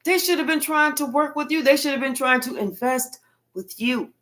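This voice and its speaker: A woman's voice: sits high, moderate pace, a bit bright. Blunt, cussing woman tarot reader. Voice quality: blunt, profane, colloquial. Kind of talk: casual spoken tarot reading.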